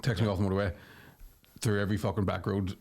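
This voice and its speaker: A man's voice: fairly low pitch, little pitch movement, quick pace, vocal fry, darkish tone. A man with a Northern Irish accent, a comedian co-hosting a podcast, telling a rambling story and checking in with "right?" at every turn; he sounds tired.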